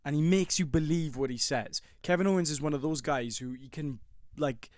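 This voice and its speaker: A young man co-hosting a podcast, talking in an animated, sweary, bantering way. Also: a little high, normal speed, no room sound, studio quality. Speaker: podcast co-host. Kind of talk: casual chat.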